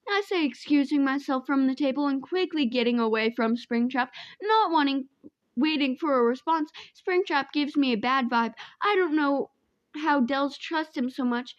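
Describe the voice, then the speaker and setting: A woman's voice: high-pitched, moderate pace, no room sound, muffled recording. A young woman reading a fanfic aloud in a casual way, often giggling as she goes. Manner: giggly, often breaks into laughter. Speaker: fanfic reader.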